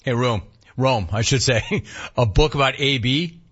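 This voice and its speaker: A man's voice: mid-range voice, a little slow, husky, lo-fi sound. A man hosting a radio talk show, riffing animatedly and reading listener emails aloud. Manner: animated, riffing, mock-incredulous. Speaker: radio host.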